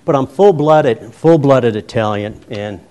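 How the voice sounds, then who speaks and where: A middle-aged man from Colorado gives a keynote speech on a roving handheld mic, his voice sitting at an ordinary pitch for a man. He tells funny stories, plays out both sides of each conversation, and then turns earnest when he talks about his years as a school principal. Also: a little slow. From Colorado, USA. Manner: humorous, animated storyteller who acts out dialogue. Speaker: keynote speaker, former high school principal. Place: conference hall.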